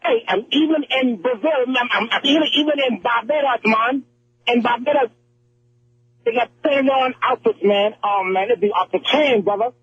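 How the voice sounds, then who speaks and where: A man's voice: extremely high pitch, normal speed, a bit bright, husky, dry recording. A male caller on a sports radio show, talking animatedly and calling the hosts "man" and "brother". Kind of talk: call-in radio chat. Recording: muffled phone line.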